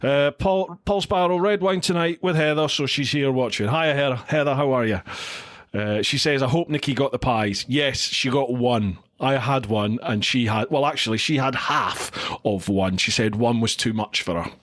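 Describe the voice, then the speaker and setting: This middle-aged podcast host speaks at normal speed in a mid-range, fairly bright voice. He reads viewer comments and greets each person by name during a casual livestream chat, recorded on a studio mic into a recorder.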